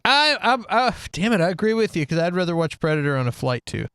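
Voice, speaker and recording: A man hosting a casual comedy chat, laughing often as he throws out questions. His voice sits high and swings widely. The recording is dry and close. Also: quick pace, smooth, dry recording. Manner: laughs often, lively and joking. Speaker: podcast host asking the questions.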